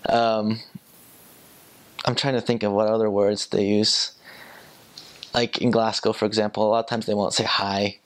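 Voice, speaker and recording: A young American man chatting casually in a relaxed, rambling way, with many fillers and small chuckles. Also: lowish voice, moderate pace, long pauses. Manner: relaxed, rambling, with frequent ums, likes and chuckles. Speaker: returned missionary. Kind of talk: casual chat.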